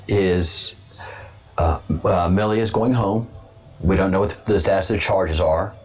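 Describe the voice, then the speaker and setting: A livestream host with a low, breathy-edged voice offers casual political commentary. He rambles, repeats himself and often restarts sentences, all captured through dull, lo-fi webcam sound.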